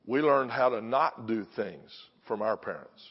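A little slow but lively in intonation, an older man's mid-range voice drives a punchy, confrontational sermon as he presses the congregation with questions. The church sanctuary recording sounds dull and carries long hall reverb.

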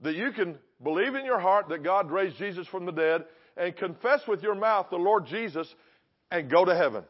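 High-voiced man preaching a sermon. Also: lively intonation, normal speed. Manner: emphatic, repeats phrases, asks the crowd questions. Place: church in front of a congregation. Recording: dull lo-fi recording.

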